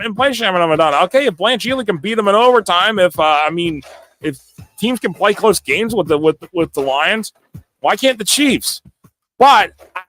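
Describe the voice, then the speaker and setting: A male host of a live sports talk stream, whose voice is slightly higher than usual for a man, sounds excitable. He stammers, repeats words, laughs a lot and chats back to his viewers.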